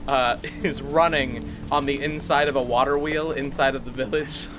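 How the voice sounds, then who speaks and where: A man's voice: medium pitch, steady tone, moderate pace, noisy background. Laid-back man running a tabletop game. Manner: casual, laughing, voices his characters. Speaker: game master.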